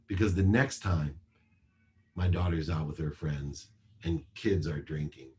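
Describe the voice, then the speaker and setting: Deep-voiced man giving a motivational talk. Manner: measured, emphatic, list-like delivery. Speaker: motivational speaker. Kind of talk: motivational talk on a video call. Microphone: video call.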